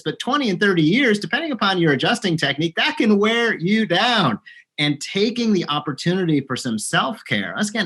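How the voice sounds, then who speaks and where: Bright, earnest man talking business. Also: medium pitch. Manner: earnest, emphatic business talk. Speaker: guest, locum service provider. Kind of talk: podcast interview.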